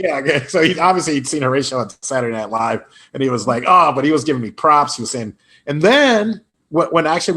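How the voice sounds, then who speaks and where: A man with a husky, breathy edge to his voice, guesting on a podcast and spinning casual stories from his career. He jumps into quick voices for the people in his anecdotes. His pitch sits mid-range for a man. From Illinois. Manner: animated anecdotes with put-on quoted voices. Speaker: podcast guest, improv actor and comedian. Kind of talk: casual storytelling interview.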